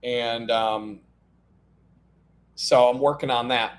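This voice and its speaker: Guy on a live stream telling wild stories, swears a lot, kinda high voice. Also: a little slow. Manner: profane, animated storytelling with laughs. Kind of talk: casual storytelling on a live stream.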